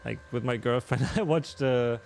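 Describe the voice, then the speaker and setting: A man's voice: medium pitch, moderate pace, creaky, a little mellow, faint music behind. A man with a German accent chatting casually with viewers on a live stream while playing a game, laughing often.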